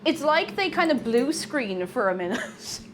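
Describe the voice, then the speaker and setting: A woman's voice: high-pitched, big pitch swings, unhurried, noisy background. A young Irish woman streaming from her home kitchen, chatting casually, rambling through asides and reading viewer messages aloud. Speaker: streamer baking live.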